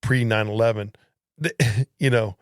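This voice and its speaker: A man's voice: fairly low pitch, moderate pace, smooth, no echo, studio quality. Laid-back man chiming in on a podcast. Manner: relaxed, chiming in with short agreements. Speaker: podcast co-host. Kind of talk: casual chat.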